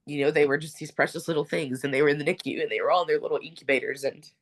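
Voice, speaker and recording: A woman's voice: low-pitched, steady tone, very fast. A young adult woman, a podcast guest, telling a personal story in an interview, earnest and rambling with many fillers.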